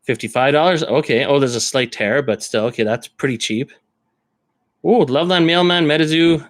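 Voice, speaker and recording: A man's voice: fairly high pitch, moderate pace, dry recording. Rambling man live-streaming, dry close sound. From Canada. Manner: rambling, thinks aloud while browsing listings. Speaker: card collector streamer. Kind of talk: casual live-stream chat.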